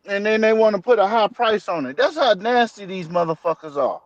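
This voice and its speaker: A man with a high voice rants bluntly and profanely. His audio sounds dull and dry, like a remote call with no room sound. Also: lively intonation, fairly quick, dry recording. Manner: blunt and profane, disgusted ranting. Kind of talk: casual chat.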